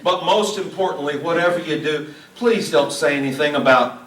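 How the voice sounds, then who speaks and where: A middle-aged male comedian with a high, bright voice delivers a folksy stand-up set. He pokes fun at himself and teases the crowd. The sound is roomy and distant, like a small auditorium picked up from across the room. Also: moderate pace. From Hot Springs, Arkansas. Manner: folksy, self-deprecating, teasing the crowd. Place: small auditorium at a senior living community. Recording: echoey room, mic heard from a distance.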